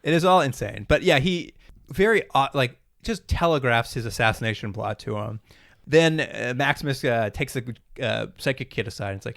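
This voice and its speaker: A man hosting a casual podcast recap, acting out bits of dialogue in quick put-on voices and laughing along. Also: medium pitch, vocal fry, a bit bright, no room sound, studio quality. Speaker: podcast host.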